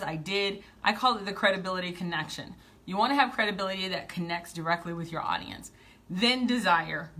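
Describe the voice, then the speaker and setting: A woman coaching viewers on camera in a live video tutorial. Her voice is bright and forward, her delivery upbeat and animated. She moves around her indoor office while she talks, so she sometimes drifts a little off the mic. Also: medium pitch.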